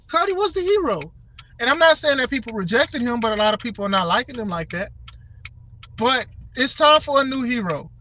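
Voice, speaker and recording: A man's voice: extremely high pitch, low-quality recording. A man hosting a podcast, giving casual, emphatic wrestling commentary and repeating phrases for stress. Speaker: podcast host. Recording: steady background noise.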